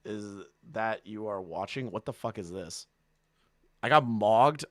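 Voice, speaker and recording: A man's voice: on the low side, lively intonation, measured pace, creaky, bright, forceful tone, no echo, clean studio sound. A man streaming live, reacting to a call with crude, mocking commentary and frequent laughter. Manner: profane, mocking, laughs often.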